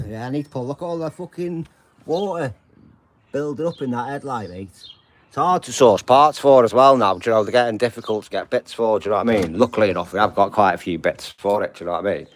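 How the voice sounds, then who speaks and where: A man's voice: mid-range voice, fast talker. An older man, chatting casually on a live stream, rambling and swearing constantly and checking in with the listeners every few lines. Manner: rambling, heavy swearing, constant "do you know what I mean".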